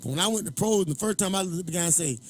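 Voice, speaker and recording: A man's voice: high-pitched, expressive, racing, a little hiss or hum. A man, a former boxer, telling profane stories in a casual chat, laughing often. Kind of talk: casual storytelling.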